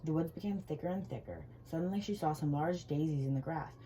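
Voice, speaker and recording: A woman reading a children's storybook aloud with gentle, expressive storytelling. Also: low-pitched, fast, slight background noise, low-quality recording.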